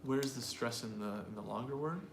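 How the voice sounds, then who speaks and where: A man's voice: medium pitch, normal speed. A man teaching English pronunciation in casual chat, talking straight to learners and thinking aloud as he goes. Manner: thinks aloud with fillers and restarts, addresses learners directly. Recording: echoey room with faint background noise.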